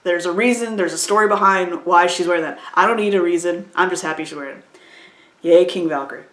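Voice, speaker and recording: A woman's voice: lowish voice, quick pace, a bit bright. A woman giving a casual, exasperated movie review, stumbling over restarts and acting out quoted lines. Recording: echoey room.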